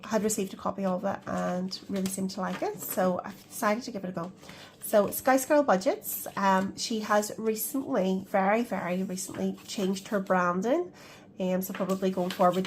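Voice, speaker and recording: A woman's voice: mid-range voice, a little hiss or hum. A woman chatting casually in a budgeting vlog, counting cash aloud and laughing at herself. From Scotland. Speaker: budgeting vlogger.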